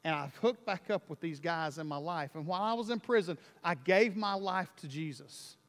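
A man voicing a rough young man from the street, low and subdued in his speech. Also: moderate pace, fairly bright tone, long reverb tail, natural voice. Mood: earnest.

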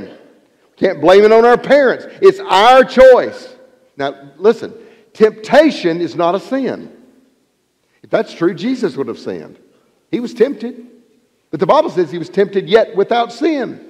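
A man preaches with an emphatic, animated delivery, his fairly high voice rising and falling widely. Reverb trails each phrase as it rings through a large hall. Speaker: pastor. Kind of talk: sermon.

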